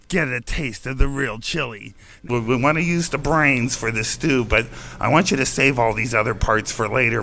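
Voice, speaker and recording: A man doing a gravelly preacher-chef. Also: mid-range voice, bright, forceful tone, voice pushed down, low-quality recording. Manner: rambling, stumbling cooking-show patter.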